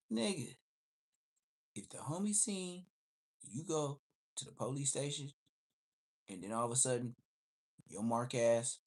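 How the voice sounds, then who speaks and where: Man, street storyteller, profane slang, acts out quotes, mid-pitched voice. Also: darkish tone, slightly rough. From Los Angeles area, USA. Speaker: livestream host.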